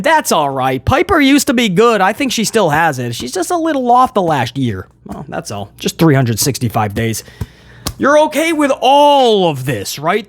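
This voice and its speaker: High, bouncy-voiced guy ranting about wrestling, sarcastic, cussing, dry close sound. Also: dry recording. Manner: animated, sarcastic, swears freely. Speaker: wrestling commentary host. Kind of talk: opinionated wrestling rant.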